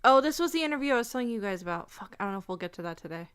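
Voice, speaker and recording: A woman streaming live and commenting on clips as she plays them. Her voice is bright and forceful, and she talks in blunt, profane, exasperated asides. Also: on the high side, animated, rapid-fire, clear, resonant tone.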